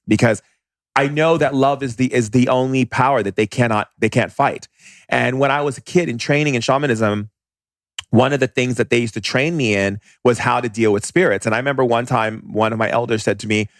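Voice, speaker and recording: Animated man telling stories bluntly. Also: lowish voice, no echo, clean studio sound. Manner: animated, blunt, fast bursts with restarts. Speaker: podcast guest, shaman. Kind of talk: casual storytelling.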